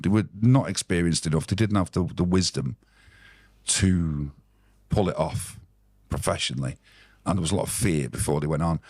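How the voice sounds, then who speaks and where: A man's voice: sits low, a little mellow, slightly rough. A man, a podcast guest, telling rambling, swearing anecdotes in casual storytelling.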